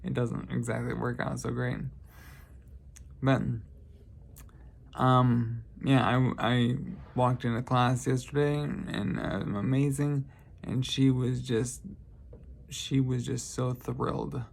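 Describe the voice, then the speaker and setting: A man's voice: mid-range voice, flat delivery, slow pace, gravelly. A man vlogging, telling casual stories in a rambling, lighthearted way and often correcting himself. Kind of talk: casual storytelling monologue.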